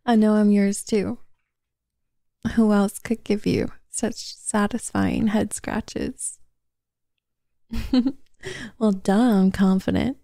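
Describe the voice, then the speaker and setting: A young woman voicing a sweet, shy, affectionate girlfriend in whispered role-play, speaking softly and tenderly into a close mic. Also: medium pitch, creaky, no echo. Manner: soft, intimate and tender. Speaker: voice actor.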